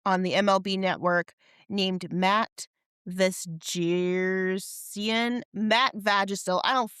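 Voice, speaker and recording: Chatty woman with a smooth voice. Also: medium pitch, unhurried, no room sound, studio quality. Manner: excitable, laughs often, rambling. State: tired. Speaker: podcast co-host. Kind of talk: casual chat.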